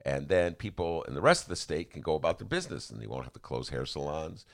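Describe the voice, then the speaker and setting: A podcast host chats casually about politics in a very animated, fast bass voice with vocal fry. He often rambles and starts over, delivering quotes with big vocal swings.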